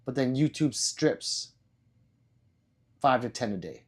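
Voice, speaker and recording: A man's voice: mid-range voice, expressive, takes it slowly, breathy edge. A man hosting a casual livestream, rambling loosely and swearing now and then. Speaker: livestream host.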